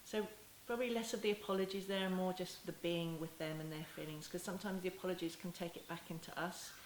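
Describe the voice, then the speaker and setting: A woman teaching parents in a gentle, unhurried way, often restarting her phrases and softly acting out apologies to a child. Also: fairly low pitch, steady tone. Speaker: parenting educator. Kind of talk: talking-head teaching video. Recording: echoey room with faint hiss.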